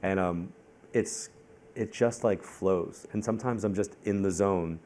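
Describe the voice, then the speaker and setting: Low-voiced male psychic-medium guest from Long Island, quick, animated onstage storyteller. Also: slight background noise. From Long Island, New York. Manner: talks fast and repeats himself when in the zone. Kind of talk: live onstage conversation.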